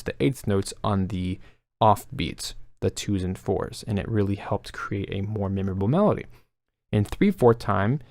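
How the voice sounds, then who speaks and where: Low-voiced man teaching melody writing. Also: no echo. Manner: steady explanatory, counts beats aloud. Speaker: music composition teacher. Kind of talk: instructional explanation.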